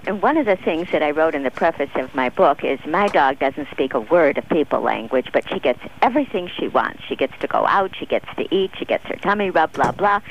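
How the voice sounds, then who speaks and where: An American woman with a slightly low voice talks eagerly as a radio guest, laughing easily. Her audio sounds dull and muffled, with a faint hiss underneath. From United States. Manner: chatty, enthusiastic, laughs often. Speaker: travel book author, radio guest. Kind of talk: radio interview chat.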